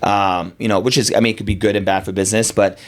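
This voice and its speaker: A man's voice: on the low side, flat delivery, quick pace. A man who coaches fitness and owns a gym, talking reflectively in a casual podcast conversation and often tagging his points with "right?". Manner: reflective, tags statements with "right?".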